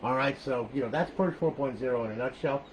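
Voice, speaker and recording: An older man giving a loose, rambling walkthrough, forever checking in with "okay?" and "all right?" and cursing casually. His voice sits at an ordinary middle pitch. A faint hiss of noise runs underneath. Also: quick pace, rough recording. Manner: rambling and chatty, peppers lines with "okay?" and "all right", swears. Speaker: console modder showing a build.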